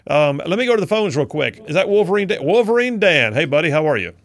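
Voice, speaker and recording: A man's voice: fairly high pitch, very animated, fast talker. A man hosting a talk radio show, reading out listener texts in a folksy, chatty way. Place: radio studio.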